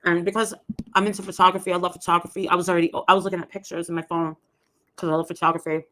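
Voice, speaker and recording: A woman's voice: fairly low pitch, little pitch movement, rapid-fire, a bit bright, a little hiss or hum. A woman telling a long story in a rambling, casual way, acting out the voices of the people in it. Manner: rambling, acts out quoted voices. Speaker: livestream host telling a story.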